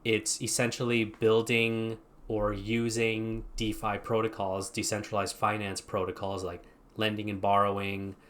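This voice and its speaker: Low-voiced man explaining, loosely. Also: monotone, a little slow, a bit bright. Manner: thinking aloud, loose and meandering. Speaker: channel host. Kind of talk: casual screen-share explainer.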